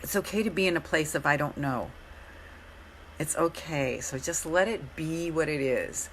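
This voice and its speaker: A middle-aged woman hosting a live coaching stream, speaking in a gentle, encouraging way with a hoarse voice and often repeating her phrases. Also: low-pitched, normal speed, a little hiss or hum.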